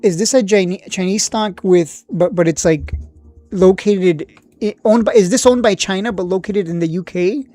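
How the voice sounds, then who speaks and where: A woman hosting a casual stock live stream, thinking aloud with lots of fillers and blunt asides, a little hoarse from losing her voice. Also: medium pitch, moderate pace, warm tone, soft background music. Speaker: stock livestream host.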